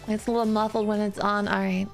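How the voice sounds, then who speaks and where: A woman's voice: mid-range voice, little pitch movement, fast, vocal fry. Chatty woman streamer testing her mic. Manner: chatty, laughs often, tests mic aloud. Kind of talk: casual live-stream chat. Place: room with bare walls. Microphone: new studio mic, close. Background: faint background music.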